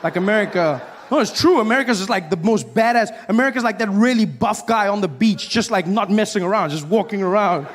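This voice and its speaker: A man performing a stand-up comedy routine, animated and acting out characters. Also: sits high, fast, hardly any pauses, big-room sound. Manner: animated, acts out voices and shouts. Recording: live stage with faint audience noise.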